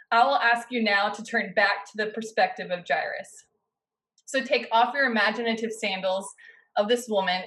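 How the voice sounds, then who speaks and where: A woman pastor preaching a sermon, guiding her listeners through a scene in the second person with slow, dramatic pauses. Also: a little high, fairly bright tone, rough recording. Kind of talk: sermon with guided imaginative narration.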